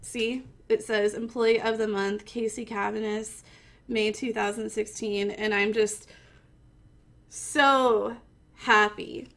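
A woman's voice: fairly high pitch, level tone, slow pace, a bit bright. A young woman streamer from Missouri giving a gushing, giggly mock acceptance speech, pretending to hold back tears.

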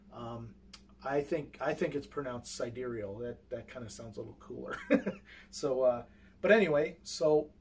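In an unscripted tutorial on his own telescope setup, a man talks in a slightly high, a little mellow, husky voice. He's rambling and unsure, peppering his speech with fillers and restarts as he works the equipment, and the distant mic picks up faint background noise.

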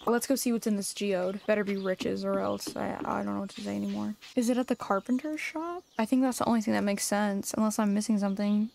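A woman's voice: medium pitch, a little mellow. A young adult woman streamer giving casual let's-play commentary, exasperated and jokey, talking back to the game as she plays. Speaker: gaming streamer.

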